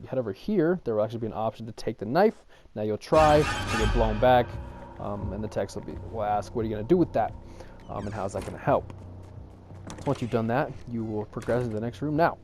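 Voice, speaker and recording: A man narrates a gameplay tutorial in a low, gravelly voice with a dark, mellow tone. He rattles through the steps quickly and rambles, with many ums along the way. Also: a little hiss or hum. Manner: rambling, filler-heavy explanation with frequent ums; raises his voice to talk over in-game music. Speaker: game walkthrough guide. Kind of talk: casual gameplay tutorial commentary.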